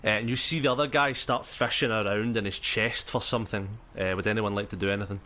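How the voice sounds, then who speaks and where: A man's voice: fairly low pitch, fairly even intonation, fast talker, bright, forceful tone. Scottish man narrating a tabletop game. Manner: hesitant, lots of ums and sort-ofs. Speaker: game master. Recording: music bed behind voice.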